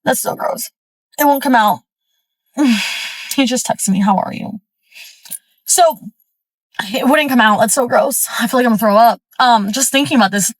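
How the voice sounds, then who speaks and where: A woman from Florida with a fairly high voice tells a story in a chatty, fired-up way, stuffing every sentence with fillers. She is recorded at a gym, and the sound is close and dry with no room echo. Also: normal speed, pauses often. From Florida, USA. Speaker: storyteller vlogger. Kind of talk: casual storytime monologue.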